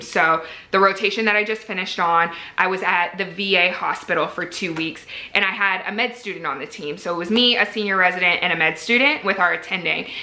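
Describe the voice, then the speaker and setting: A woman's voice: fairly low pitch, bright, forceful tone, roomy sound. A woman in her twenties, a medical resident, talking casually to camera with lots of "like" fillers and a candid, earnest manner. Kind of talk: casual vlog talk to camera.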